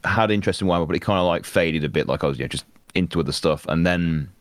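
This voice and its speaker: A man being interviewed as a voice actor, chatting casually in an excitable, rambling way with many restarts. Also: deep voice, racing, dry recording, studio quality. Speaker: voice actor guest.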